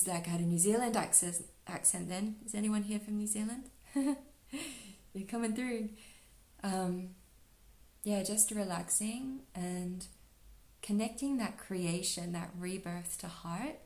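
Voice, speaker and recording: A woman giving a relaxed spiritual card reading, talking softly and dreamily with lots of "like" and "you know.". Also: on the low side, roomy sound. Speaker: astrology and oracle card reader.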